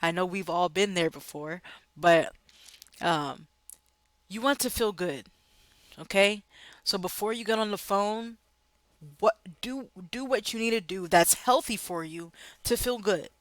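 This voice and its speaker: A woman's voice: mid-range voice, a little slow, pauses often, dry recording. A woman coaching new sales agents in an upbeat, coaxing way, often checking in with "okay?" and "right?". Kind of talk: motivational coaching talk to camera.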